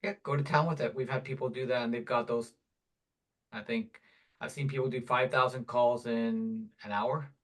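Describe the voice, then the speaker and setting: A man hosting a casual live Q&A over a video call, relaxed and chatty, laughing often. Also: medium pitch, normal speed. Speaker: webinar host, product support.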